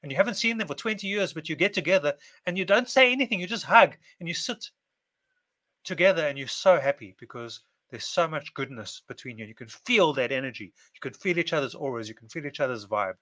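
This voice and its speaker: A man's voice: fairly high pitch, expressive, brisk, sharp tone. A man giving a casual monologue to camera, speaking in repetitive, list-like phrases. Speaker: video presenter.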